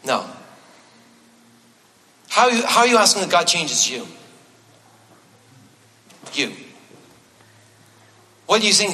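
Bright-voiced male pastor in a reverberant hall. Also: high-pitched, very animated, slow pace, long pauses. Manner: conversational preaching with self-deprecating humor, repeating key phrases. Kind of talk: sermon. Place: church sanctuary. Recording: long reverb of a large hall.

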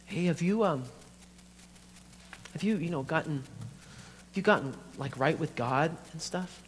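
A man voicing a gentle, worried younger sister who speaks softly and hesitantly with stammers, in an echoey hall with a faint hum. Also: a little high, expressive, a little slow.

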